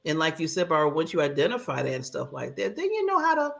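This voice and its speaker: A woman's voice: sits low, fast, gravelly, faint music behind. A woman co-hosting a talk show in casual chat, telling stories and laughing often. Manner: laughs often, animated storytelling.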